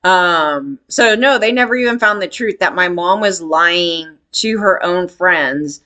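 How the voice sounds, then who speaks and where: A woman's voice: lowish voice, measured pace, bright, forceful tone. A woman telling a candid personal story in a rambling, emphatic way, swearing freely.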